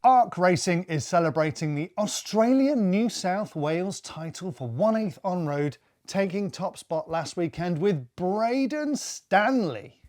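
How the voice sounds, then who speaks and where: A man's voice: sits high, animated, a little slow, hardly any pauses, darkish tone. A man co-hosting a casual racing news show, chatty and joking as he reads headlines. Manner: chatty, jokey, thinks aloud. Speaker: news co-host.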